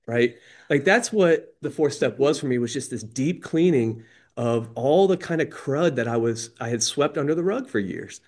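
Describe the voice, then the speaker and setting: A man's voice: medium pitch, darkish tone. A man speaks candidly about his recovery, in a loose, slangy and self-deprecating way. He often stops and restarts his sentences as he talks. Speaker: AA member sharing.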